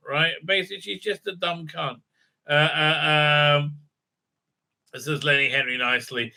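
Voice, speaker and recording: Male reviewer, sarcastic and foul-mouthed, stumbling through fillers; sharp, somewhat high voice. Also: fairly even intonation, vocal fry. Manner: sarcastic, profane, halting with many fillers. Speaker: TV show reviewer. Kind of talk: ranting recap and review.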